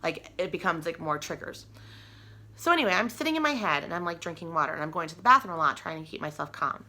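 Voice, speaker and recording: A woman's voice: on the low side, animated, fast, pushed and bright. A young woman telling a personal story to camera in a chatty, rambling way, full of "like" and restarts. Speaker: vlogger.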